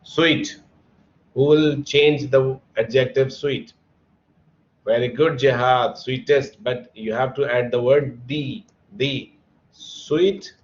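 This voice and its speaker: A man's voice: medium pitch, steady tone. Patient male teacher on a dull call line. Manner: patient, drawn-out explaining, spells words letter by letter. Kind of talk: online English grammar lesson. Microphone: computer mic on a video call. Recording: dull lo-fi online call audio.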